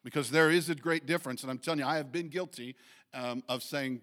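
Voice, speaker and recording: A man preaching a sermon, reading scripture and speaking with animated rises, restarts and fillers. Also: medium pitch, quick pace. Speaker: pastor.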